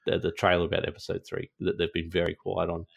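Male podcast host, low and gravelly, chatty and excitable. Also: quick pace. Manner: chatty, excitable, lots of fillers. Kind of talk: casual gaming podcast chat.

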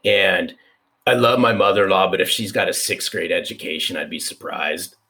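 A man in his fifties, a podcast guest telling a personal story in an animated, repeating way. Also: low-pitched, moderate pace. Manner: animated, restarts, repeats for emphasis. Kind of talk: conversational storytelling.

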